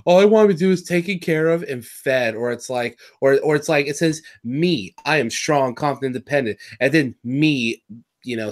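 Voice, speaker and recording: A man co-hosting a casual episode review, rambling and correcting himself as he recaps and jokes. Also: mid-range voice. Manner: rambling, self-correcting, jokey. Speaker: podcast co-host.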